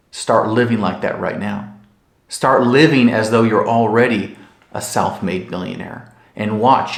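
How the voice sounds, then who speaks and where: A man's voice: medium pitch, roomy sound. A man who coaches real estate agents, giving a motivational talk and telling a story in an earnest way, speaking straight to his viewers.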